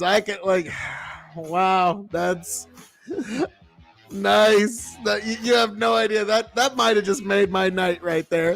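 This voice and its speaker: A man hosting a casual livestream as a farmer, rambling and swearing freely, easily excited. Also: high voice, measured pace, vocal fry, soft background music. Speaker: livestream host and seed farmer.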